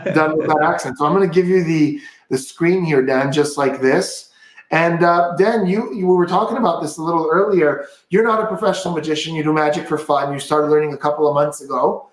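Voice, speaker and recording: A man's voice: fairly high pitch, a little fast, roomy sound. A man hosting a casual magic livestream, upbeat and chatty, walking through a card trick step by step.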